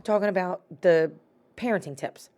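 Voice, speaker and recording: Middle-aged female podcast co-host, low-pitched, chatty, casual and laughing. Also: moderate pace, darkish tone. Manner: chatty, laughing, quotes people in voices. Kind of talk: casual chat.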